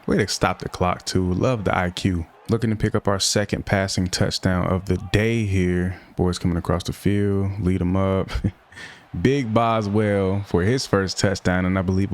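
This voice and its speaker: Young male gaming streamer, slightly low voice, casual slang-heavy play-by-play with frustrated outbursts. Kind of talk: live gameplay commentary.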